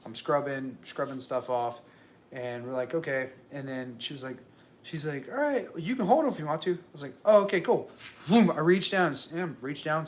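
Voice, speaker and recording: A young man talking casually to camera at home, rambling and chatty, with many fillers and restarts. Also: mid-range voice. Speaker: working dad vlogger. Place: his home.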